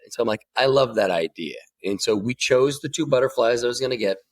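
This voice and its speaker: An American man in his forties appears as a podcast guest, candidly sharing a personal story and swearing freely as his emotions rise. He speaks quickly at a medium pitch with lively intonation.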